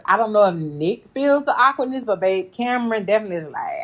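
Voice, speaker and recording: Animated woman chatting to viewers. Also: mid-range voice, quick pace. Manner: animated, laughs often, addresses viewers as y'all. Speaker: reality TV recap host. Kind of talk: casual reaction commentary.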